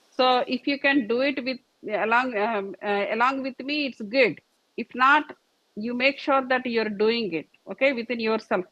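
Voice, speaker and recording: In a yoga and meditation session, the female instructor repeats herself patiently while gesturing through each posture. She speaks in a fairly high, slightly bright voice, captured in a dull, lo-fi, dry recording.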